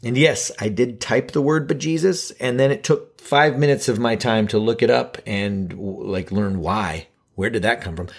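Husky joking podcast host man. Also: medium pitch, normal speed, few pauses. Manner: joking, rambling, self-deprecating. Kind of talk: casual solo podcast monologue.

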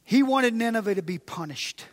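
A man's voice: very high-pitched, expressive, normal speed, long reverb tail. A man preaching a sermon as pastor, emphatic and repetitive, sometimes dropping to a near-whisper. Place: large church.

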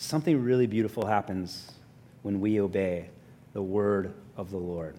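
A man pastor, telling a personal story in a sermon with lively self-mocking humor, then growing soft and quiet for reflection. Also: lowish voice, moderate pace, big-room sound. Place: church sanctuary.

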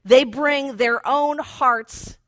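A woman with a fairly high voice delivers a chatty, conversational sermon. She slips playfully into the voices of thoughts and feelings as she goes, and the recording is dry and close. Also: drawn-out words, a bit bright, dry recording. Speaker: preacher.

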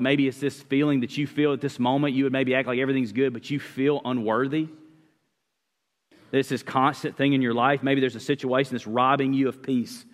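A man preaching a sermon as pastor, earnest and conversational, often restarting his sentences. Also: mid-range voice. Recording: long reverb of a church hall.

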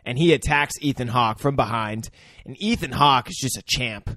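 A man in relaxed conversation who laughs easily and backs up his friend with quick remarks. His voice sits at a middle pitch for a man. The recording is close and dry. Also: no room sound. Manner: laughing along, short affirmations. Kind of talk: casual chat.

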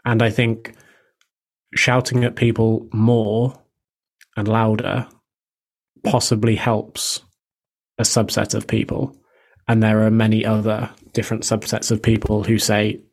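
Flat-voiced man explaining nutrition. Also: lowish voice. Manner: measured, explanatory, even delivery. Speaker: fitness and nutrition coach. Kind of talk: podcast discussion, answering questions.

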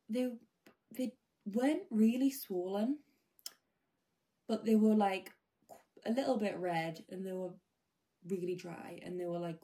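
Mellow-voiced British woman telling a story. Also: medium pitch. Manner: chatty, rambling, often drops to a hush. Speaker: vlogger. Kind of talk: casual storytelling.

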